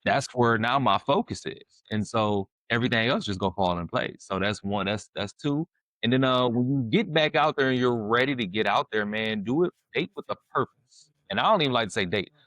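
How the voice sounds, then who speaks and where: A man talking casually about faith and dating as a podcast guest, animated and fond of "you know what I'm saying", sometimes acting out his prayers. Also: medium pitch, fairly quick, no room sound. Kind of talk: casual faith-based conversation.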